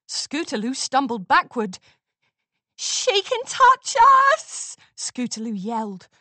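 Woman storybook narrator, slow, very lively pitch, dry close sound. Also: dry recording. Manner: expressive, unhurried reading.

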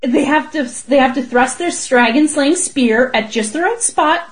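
A woman's voice: high-pitched, normal speed. A woman co-hosting a casual comedic chat, playful and bawdy, laughing often. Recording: voice recording.

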